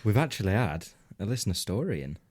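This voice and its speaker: A man's voice: fairly low pitch, sing-song, fast, darkish tone. A man co-hosting a comedy podcast, telling a rambling anecdote in casual banter, laughing often and swearing freely. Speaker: podcast co-host.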